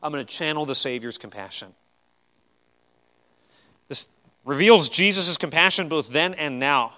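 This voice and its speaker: A man preaching a sermon in an earnest style, swinging between loud, emphatic lines and quiet ones, and repeating words as he restarts. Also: fairly high pitch, expressive, unhurried. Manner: earnest preaching with sweeping rises and drops in loudness. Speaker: pastor.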